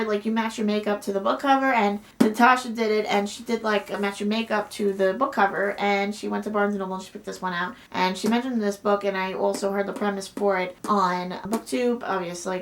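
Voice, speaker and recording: A young woman talking casually in a book haul vlog, gushing with excitement and often repeating how excited she is. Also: mid-range voice. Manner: gushing, repeats "so excited", bursts into squeals and whispers. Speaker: book vlogger.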